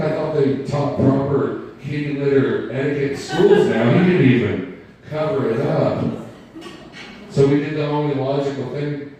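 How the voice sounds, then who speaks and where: A man's voice: mid-range voice, a little hiss or hum. Comedian guy rambling thru a bit, roomy live room, kinda far from the mic. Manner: rambling, self-deprecating banter with the crowd. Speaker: stand-up comedian. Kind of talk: stand-up set.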